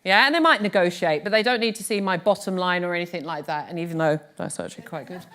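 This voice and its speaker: A middle-aged British woman giving a live workshop talk on pitching, chatty and lively, teasing her audience. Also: fast. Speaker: business speaking coach. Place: workshop room before an audience.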